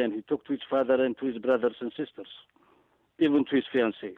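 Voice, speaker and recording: A man's voice: medium pitch, quick pace, no room sound. A man giving impassioned political commentary as a guest, emphatic, repeating words, with many hesitant fillers. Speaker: guest analyst. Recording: tinny phone line, dry.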